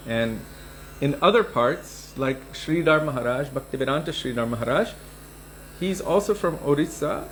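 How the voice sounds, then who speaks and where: A man giving a scripture class, explaining pronunciation and retelling old stories in an unhurried, explanatory way. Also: on the high side, slight background noise, rough recording. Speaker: scripture teacher.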